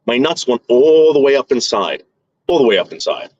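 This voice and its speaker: A man's voice: medium pitch, animated, normal speed, darkish tone, dry recording, muffled recording. A man vlogging to his viewers in a crude, rambling casual monologue full of fillers and restarts.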